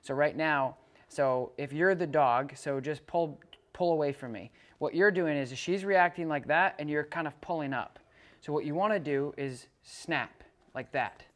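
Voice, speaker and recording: A woman's voice: deep voice, normal speed. A woman dog trainer teaching a client how to handle a dog on a leash, often restarting her sentences as she explains. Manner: coaching, repeats words and restarts sentences. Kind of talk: hands-on dog training instruction.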